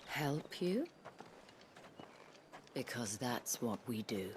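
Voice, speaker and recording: An actress voicing a sultry, scheming brothel madam in a video game, speaking in a breathy near-whisper with slow, teasing, silky delivery. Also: female voice, a bass voice, very animated, background noise, exaggerated voice.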